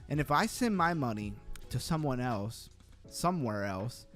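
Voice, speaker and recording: A man's voice: mid-range voice, very animated, normal speed, fairly bright tone, soft background music. A man hosting a livestream, giving blunt, skeptical commentary and reacting to viewer comments in a casual chat. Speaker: crypto livestream host.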